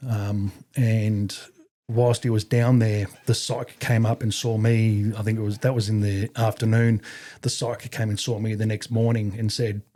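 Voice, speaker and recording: A man's voice: lowish voice, flat delivery, a little slow, mellow. A middle-aged man with an Australian accent, telling a story as a podcast guest in a blunt, profane, rambling way. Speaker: podcast guest, army veteran. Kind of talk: casual anecdotal storytelling.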